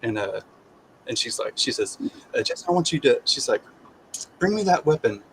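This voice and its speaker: A man of middle pitch tells a personal story in an easy, conversational way. He acts out what people said, and he often circles back and restarts his lines. A faint hiss sits behind his voice. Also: moderate pace, rough recording. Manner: animated, acts out quoted voices, repeats and restarts. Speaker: guest sharing his testimony.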